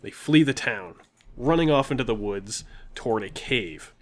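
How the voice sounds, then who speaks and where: A man's voice: mid-range voice, moderate pace. Laughing man retelling a tabletop game. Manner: laughs often, animated retelling. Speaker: co-host of a gaming channel. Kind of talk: casual storytelling of a tabletop game.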